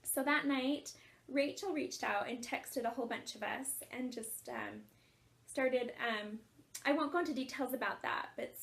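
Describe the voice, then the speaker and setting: High-voiced woman, earnest life coach. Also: a little slow, gravelly, a bit bright. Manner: earnest and emotional, laughs often while telling. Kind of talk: personal storytelling talk.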